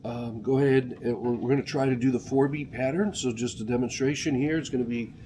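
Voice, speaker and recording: A man's voice: medium pitch, steady tone, fairly quick, hardly any pauses, noisy background. A man teaching congregational song leading, patiently coaching and counting beats aloud. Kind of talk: instructional lesson. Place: church.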